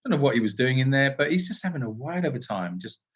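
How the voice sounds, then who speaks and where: A man's voice: mid-range voice, expressive, fast, husky. A man co-hosting a live stream from an animal sanctuary, telling rambling stories in a casual chat. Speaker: sanctuary co-host.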